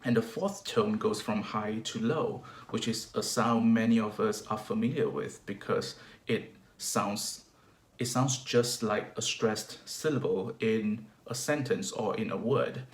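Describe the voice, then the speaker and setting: A man's voice: fairly low pitch, unhurried, reverberant. A man from Malaysia giving a video lesson on singing diction, explaining step by step with hesitant restarts.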